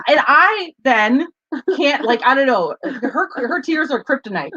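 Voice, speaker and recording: A woman's voice: high voice, very animated, unhurried, bright, forceful tone, slightly rough, no echo, dull audio. A woman co-hosting a live stream, telling stories in a rambling, chatty way full of fillers. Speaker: co-host of a live advocacy stream. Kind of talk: casual live-stream chat.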